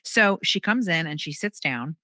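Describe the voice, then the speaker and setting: A young adult woman, a comedian guest, telling a story in casual chat and acting out quotes with big jumps in pitch. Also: expressive, normal speed, bright, forceful tone, no room sound, studio quality.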